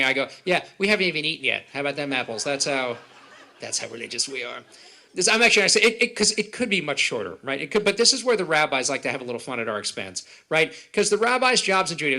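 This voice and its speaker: A male comedian rattles through his stand-up set at a quick clip, with a bright, forceful voice that sits a little high for a man. He keeps the audience involved, firing questions at them between jokes. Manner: rapid, animated, quizzing the audience. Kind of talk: stand-up comedy at a live event. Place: event hall with an audience.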